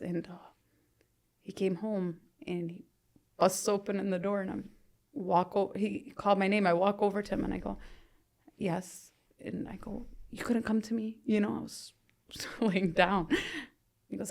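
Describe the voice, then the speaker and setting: A woman in her thirties, appearing as a podcast guest, shares her own story candidly in an interview, conversational and full of "you know." Her sentences often trail off softly to a near-whisper. Her mid-range voice is creaky, with a steady tone and moderate pace.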